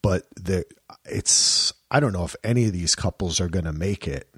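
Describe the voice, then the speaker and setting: A man's voice: low-pitched, moderate pace, slightly rough, dry recording, clean studio sound. A man co-hosting a podcast, chatting casually and animatedly about a reality show, often laughing. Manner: animated, laughs, mimics people in quoted bits. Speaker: podcast co-host. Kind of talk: casual chat.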